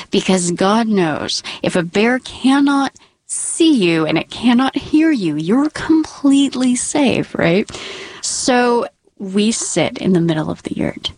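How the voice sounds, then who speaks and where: A woman tells a true story slowly and deliberately, lingering on her words. Her humor is wry and deadpan, and she sinks into hushed whispers at the tense moments. The sound is dry and close. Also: fairly high pitch, no echo. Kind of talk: live personal storytelling.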